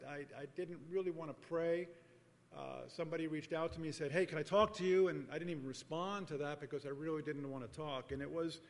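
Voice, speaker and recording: A middle-aged man preaching a sermon as pastor, telling a personal story in an earnest, measured way and often repeating phrases. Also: on the high side. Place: church sanctuary. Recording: long reverb of a large hall.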